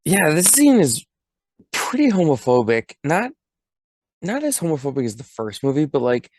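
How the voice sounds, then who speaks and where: A man's voice: fairly high pitch, wildly swooping pitch, moderate pace, darkish tone, no echo, studio quality. A young man co-hosting a podcast, casually recapping a movie and reading critical remarks from his notes. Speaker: podcast co-host.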